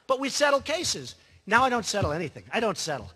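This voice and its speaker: A man delivers a rambling campaign speech with a high, lively pitch. His tone is bright and he turns to the crowd with asides. His voice rings out through a large hall with long reverb. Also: quick pace. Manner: rambling, boastful, conversational asides to the audience. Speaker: political candidate.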